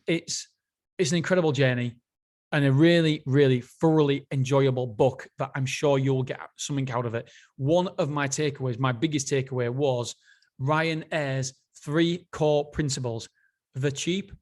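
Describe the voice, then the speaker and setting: A man's voice: medium pitch, fairly even intonation, a little slow, a little mellow. Enthusiastic rambling man. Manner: enthusiastic, rambling, self-interrupting. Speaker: podcast host. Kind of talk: casual solo book review.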